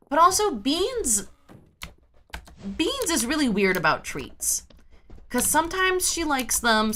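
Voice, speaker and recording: With a medium-pitched, pushed and bright voice, a woman rambles through casual chat with her viewers while she plays a game, wandering from one subject to the next and talking to chat.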